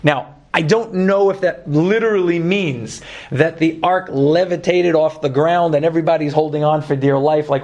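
A man with a Brooklyn accent teaching a Torah class, lively, joking and putting questions to his students. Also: on the high side.

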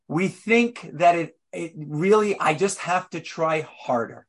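A high-voiced man preaching a sermon as a rabbi. He tells the story with animated flair, firing rhetorical questions and shifting from loud bursts to hushed asides. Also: slow, few pauses. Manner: swings between loud and hushed.

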